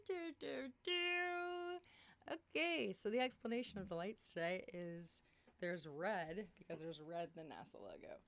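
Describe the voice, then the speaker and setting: A young woman hosting a casual livestream from her small room at home, chatty and excitable, jumping between topics while tired and losing her voice. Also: lowish voice. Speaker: livestream host.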